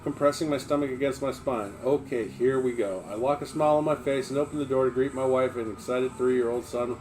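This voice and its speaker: A man's voice: medium pitch, fairly quick, darkish tone, soft background music. A man reading a memoir aloud on a livestream, in an emphatic, blunt manner with plenty of swearing.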